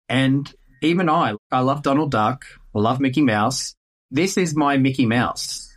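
A man, a real estate agent answering interview questions in a playful, animated way. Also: medium pitch.

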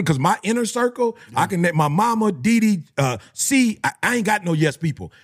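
A middle-aged man, a motivational speaker who tells stories in slangy talk and acts out other people's voices. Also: normal speed. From Detroit area. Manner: animated, slangy, acts out voices with big pitch jumps. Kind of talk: storytelling talk.

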